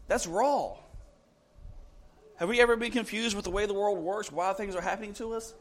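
A man preaching a sermon to a congregation, asking rhetorical questions and moving between loud emphatic lines and soft, slowed ones. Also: sits high.

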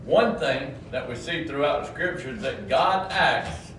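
A man preaching a sermon, who climbs to loud emphatic peaks and drops low for asides. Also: expressive, a little slow, slight background noise. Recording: roomy, distant mic with faint ambience.

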